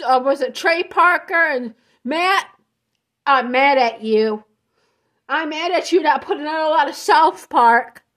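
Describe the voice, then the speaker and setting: A woman's voice: extremely high pitch, fairly bright tone. A woman hosting a casual reaction vlog, reading a post aloud and commenting on it in a rambling, blunt way, with frequent restarts and swearing. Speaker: show host.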